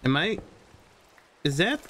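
A man's voice: a little high, big pitch swings, takes it slowly, fairly bright tone, a little hiss or hum. A young man commentating his own gameplay, talking to himself, repeating phrases and reacting jumpily. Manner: talks to himself, repeats phrases, jumpy and exclaiming. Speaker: gaming video host.

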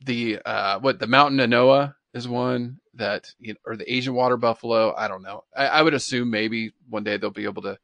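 A man's voice: medium pitch, fairly even intonation, brisk, creaky, few pauses, fairly bright tone, dry recording, muffled recording. A man co-hosting a podcast in casual chat, easygoing and full of fillers. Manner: easygoing, lots of "yeah" and "you know". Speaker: podcast co-host.

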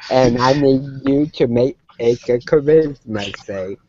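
A man narrating as game master of a tabletop game, hesitant with many pauses and fillers. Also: mid-range voice, warm tone, lo-fi sound, a little hiss or hum.

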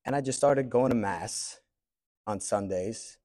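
A man teaching a class, thinking aloud in a reflective way with pauses. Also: on the low side, dark tone. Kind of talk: classroom discussion.

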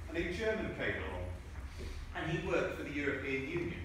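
Man at a rally, earnest and emphatic, slightly high voice, echoey hall mic from afar, noisy. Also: big pitch swings, fairly quick, a bit bright, distant mic. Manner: earnest, emphatic, with asides to the crowd. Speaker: member of parliament giving a speech. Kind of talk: rally speech. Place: large echoing public hall.

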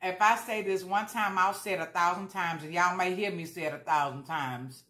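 A woman's voice: on the low side, fairly even intonation, moderate pace, pushed and bright, roomy sound. A woman vlogger talking casually while she eats, chatty and repeating herself for emphasis. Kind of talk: casual mukbang chat.

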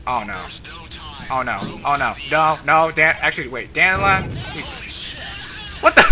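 A man's voice: on the high side, very animated, unhurried, long pauses, background noise. A young man casually commenting on his gameplay, joking and rambling and talking to the characters on screen. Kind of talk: casual let's-play commentary. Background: game music and gunfire.

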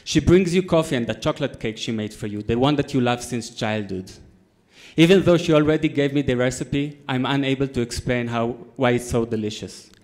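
A man in his 30s gives a storytelling talk to a conference audience in a conference hall. His mid-range voice moves fairly quickly, and he tells the story deadpan with sharp comic timing.

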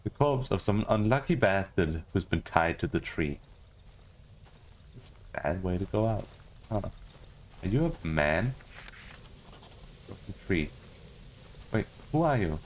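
A man from Denmark giving goofy, casual commentary on a game he is playing, talking to the characters and jumping into high squeals. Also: sing-song, a little slow, pauses often, a little hiss or hum. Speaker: gaming streamer.

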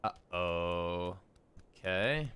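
A young man giving casual, profanity-laced commentary while playing a game, with lively stretches of storytelling. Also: low-pitched, drawn-out words, clear, resonant tone. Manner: swearing, animated storytelling. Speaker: streamer.

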